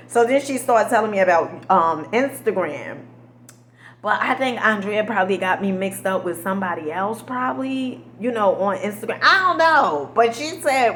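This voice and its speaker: A woman's voice: a little high, moderate pace, fairly bright tone. Sassy, emphatic woman vlogger in an echoey room. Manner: sassy, emphatic, says "honey" and "girl" often, dialect grammar. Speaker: motivational vlogger. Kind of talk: animated storytelling monologue. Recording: echoey room with faint ambient noise.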